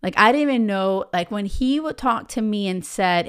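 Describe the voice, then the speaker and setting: A woman's voice: mid-range voice, animated, normal speed, smooth. A woman in her thirties hosting a podcast, telling a personal story in a chatty way, with many fillers and tag questions. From United States. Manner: chatty, with many fillers like "right?" and "you know". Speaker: podcast host.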